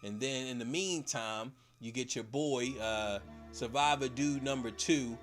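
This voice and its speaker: Male streamer, comedic movie recap, slang-heavy, animated storytelling, light music bed. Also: mid-range voice, unhurried. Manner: slangy, animated, slips into character voices.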